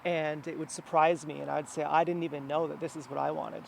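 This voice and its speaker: A man with a high, light voice rambles on in a personal monologue, circling back and restarting his sentences. He is recorded outdoors, and faint street and traffic sounds sit behind him. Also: little pitch movement, brisk, vocal fry. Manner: meandering, many fillers and restarts. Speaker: vlogger. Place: outdoors near a house.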